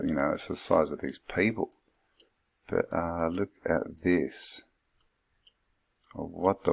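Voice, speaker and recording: A man with a very low, gravelly voice talks through old pictures. His commentary wanders loosely as he thinks aloud, padded with plenty of fillers. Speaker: channel host. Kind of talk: musing commentary over old photographs.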